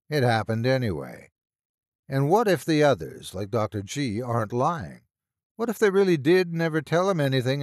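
A man's voice: medium pitch, a little mellow, no room sound. Dry-voiced man narrating a horror story. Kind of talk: first-person scripted horror narration.

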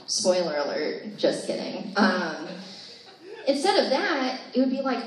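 A woman's voice: a little high, sing-song, normal speed. A young woman in her twenties doing a chatty, self-deprecating stand-up set full of fillers at a live comedy show. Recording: echoey room, distant mic, faint noise.

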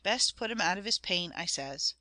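A man's voice: high-pitched, expressive, moderate pace, bright, forceful tone, no room sound, heavily acted. A woman voicing a grieving old shepherd man who speaks in rustic country dialect. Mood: lamenting.

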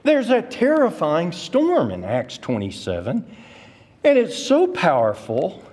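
A man leads an adult Bible class at a deliberate, unhurried pace, his pitch climbing and dropping widely as he hammers home key words. His voice has a husky edge. It rings with the long reverb of a church hall. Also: huge pitch swings, darkish tone. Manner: emphatic, rises sharply on key words; addresses the class directly with questions. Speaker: adult Sunday school teacher.

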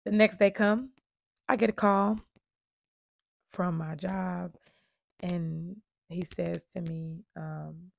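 Earnest woman with a gravelly, low voice. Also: fairly even intonation, slow pace, long pauses, no echo. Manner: earnest, conversational, shifting from hushed to emphatic. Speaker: vlogger telling her survival story. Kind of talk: personal storytelling to camera.

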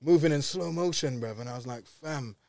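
A young man with a London accent, a podcast guest telling stories in animated, slangy casual chat. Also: fairly high pitch, brisk, creaky, a crowd in the background.

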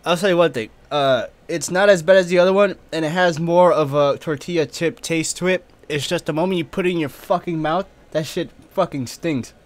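A man's voice: on the high side, moderate pace, few pauses. A man on a live stream, coughing, sniffling and drooling as he talks casually, cursing freely and wincing in pain.

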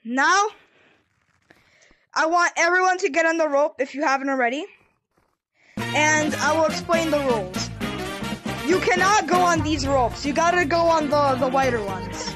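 A woman with a very high voice hosts a game video in casual commentary, bossy and excitable as she repeats herself. She speaks into a headset, and game music plays under her voice clearly throughout. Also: normal speed, pauses often.

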